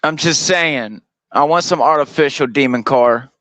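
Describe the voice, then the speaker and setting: A man in casual podcast chat, tossing in wisecracks and quick agreement. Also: fairly high pitch, a bit bright, no echo.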